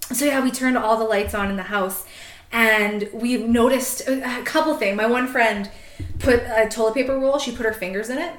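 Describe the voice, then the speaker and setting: A young woman tells a rambling funny story, laughing often and dropping "like" everywhere. Her voice sits a little high. The room is echoey. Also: normal speed. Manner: giggly, frequent laughter and "like" fillers. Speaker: podcast co-host. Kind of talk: casual storytelling chat.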